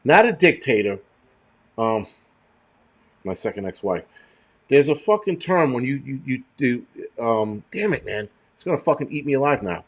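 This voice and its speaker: A man's voice: medium pitch, big pitch swings, measured pace, pauses often. Middle-aged male streamer, profane, rambling, chatty livestream commentary. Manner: rambling and profane, thanks chat viewers. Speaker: show host.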